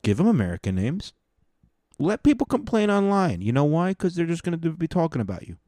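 A man's voice: on the high side, big pitch swings, brisk, mellow, dry recording, studio quality. A man hosting a casual monologue, rambling and swearing through mock rants. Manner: rambling, profane, mock-ranting.

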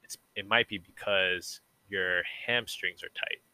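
A man's voice: sits low, steady tone, measured pace, bright, forceful tone, smooth. A young man talking as a podcast guest, rambling and reflective and saying "like" a lot. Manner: rambling and reflective, heavy use of "like". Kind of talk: casual conversation.

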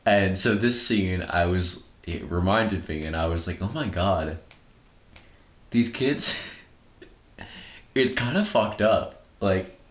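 A man co-hosting a podcast, making dry remarks in casual movie chat. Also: deep voice. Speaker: podcast co-host. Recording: roomy echo.

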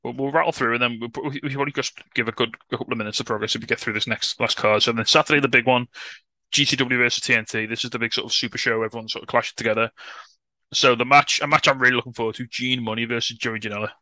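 A man co-hosting a podcast, chatting casually and excitably, swearing and laughing often. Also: mid-range voice, very fast, no room sound. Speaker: podcast co-host. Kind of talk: casual wrestling podcast chat.

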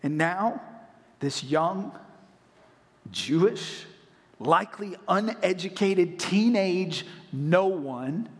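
A man from North Carolina, preaching a sermon as pastor and acting out voices in animated storytelling. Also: sits high. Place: church auditorium. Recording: long reverb of a large hall.

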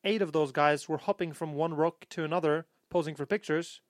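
A man's voice: fairly high pitch, fairly even intonation, a little fast, dry recording, studio quality. A man hosting a casual podcast chat, joking around and reading short excerpts aloud. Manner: reads excerpts aloud, jokey. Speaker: podcast host.

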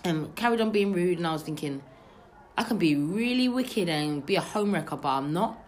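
A young woman tells a gossipy story in casual chat, lively and full of slang. Her voice sits a little low, with a faint hum of room noise behind her. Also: brisk.

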